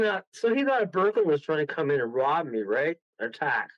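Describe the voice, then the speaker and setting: A man from Toronto, a guest medium, telling a rambling, excitable story with bursts of laughter. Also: on the high side, a little fast, no echo. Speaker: guest medium and paranormal investigator. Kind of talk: casual storytelling on a radio call. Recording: dull lo-fi radio audio.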